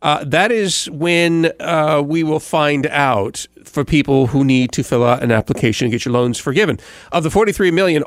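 A man's voice: medium pitch, no room sound, clean studio sound. A man who hosts a morning radio show, giving a casual rambling recap with many fillers and restarts. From United States. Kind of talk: casual podcast recap monologue.

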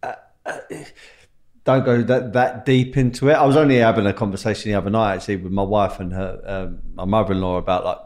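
Lower-voiced host, chatty. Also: male voice, fast talker. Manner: relaxed and chatty, says mate. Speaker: podcast host. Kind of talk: casual conversation.

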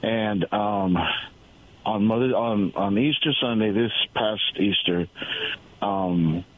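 A man's voice: on the low side, takes it slowly. A male caller sharing an earnest testimony over the phone, repeating words for emphasis. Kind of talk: call-in testimony. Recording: tinny phone line.

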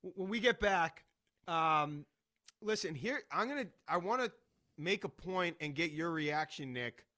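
High bright-voiced sports radio man. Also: animated. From Boston. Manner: rambling, talks in quick asides and restarts.

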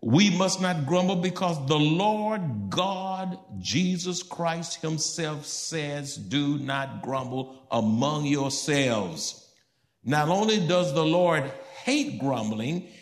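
A man preaching a sermon to his congregation in church, asking them questions and building to emphatic high points. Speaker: pastor.

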